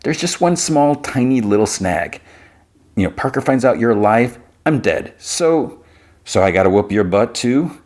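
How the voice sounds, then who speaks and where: A man's voice: medium pitch, lively intonation, measured pace, a little mellow, voice pushed up, natural voice. A man voicing a cocky, sarcastic young male henchman. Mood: taunting. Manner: teasing, sarcastic.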